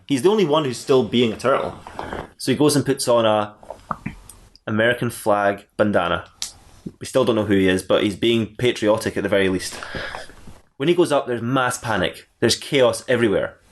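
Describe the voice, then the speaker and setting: Podcast co-host, man, rambling comic storyteller with mid-range pitch. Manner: rambling, joking, laughing at his own story. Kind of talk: reading comic fan fiction aloud.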